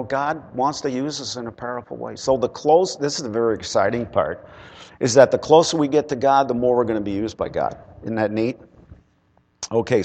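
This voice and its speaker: A man preaching a sermon and telling a personal story, swinging from loud emphatic bursts to quiet, low asides. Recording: long hall reverb.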